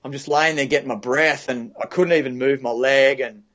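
Recounting a surf rescue as a guest, a man speaks at a medium pitch with a steady tone and moderate pace; the sound is a bit bright with the highs cut off. His casual telling is vivid, full of restarts and fillers like "you know" and "like".

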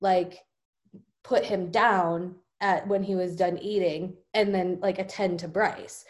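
A young woman chatting casually, animated, often jumping her voice up to act out what children say. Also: slow pace. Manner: animated, acts out kids' voices with big pitch jumps. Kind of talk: casual conversational chat.

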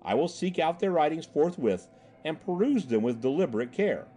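A man's voice: a little high, very animated, normal speed, mellow, voice pushed up. A man doing an eager young traveler. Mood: earnest. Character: polite young male traveler, eager and earnest.

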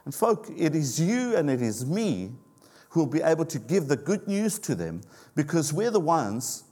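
A man's voice: fairly high pitch, sing-song, mellow. Earnest middle-aged male pastor preaching. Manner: earnest, halting delivery with fillers and repeated words. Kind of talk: sermon. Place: church.

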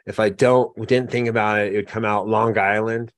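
A man telling stories in a relaxed conversational way, with frequent fillers. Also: on the low side, brisk, no echo, studio quality. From American West. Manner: relaxed storytelling, many fillers. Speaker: guest. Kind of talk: casual conversation.

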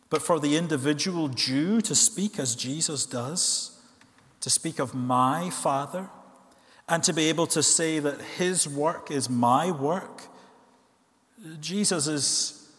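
A man preaching a sermon in a church, earnest, asking rhetorical questions and slowing down to stress key words. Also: on the high side, fairly bright tone. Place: church hall. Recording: long reverb of a church hall.

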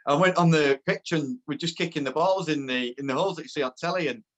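A man tells a story in relaxed conversation, bringing it to life by playing every character in it. His voice sits a little high for a man, and he often stops and starts again mid-sentence. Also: fast, low-quality recording. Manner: animated, acts out quoted voices, restarts often. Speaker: band member telling a story. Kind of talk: casual storytelling chat.

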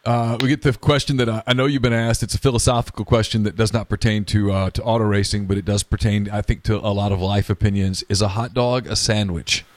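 A man's voice: fairly low pitch, steady tone, fast, hardly any pauses, no echo. A man hosting a podcast, asking questions and bantering playfully with his guest. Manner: joking, argues playfully. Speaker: podcast host. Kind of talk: interview questions, casual banter.

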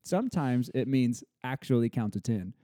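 A man co-hosting a casual podcast, telling animated stories about his toddler and acting out her lines. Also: medium pitch, normal speed, no room sound, clean studio sound. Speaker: podcast co-host, father of a toddler.

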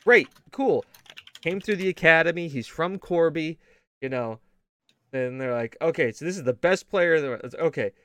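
A man's voice: fairly high pitch, animated, moderate pace, a bit bright. A man co-hosting a casual gaming show, telling rambling stories full of swearing and laughter. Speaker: podcast co-host.

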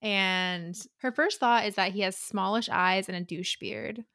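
A woman chatting casually about a book she has read. She laughs easily and slips into the characters' voices while retelling scenes. Her voice is mid-pitched and dry, with little room sound. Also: fairly even intonation, a little slow, pushed and bright, no room sound. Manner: chatty, laughs often, acts out characters' lines. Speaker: podcast co-host.

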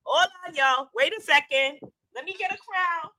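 A woman hosting a playful live stream, animated and quick to laugh and get emotional. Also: high-pitched, poor audio. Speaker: livestream host.

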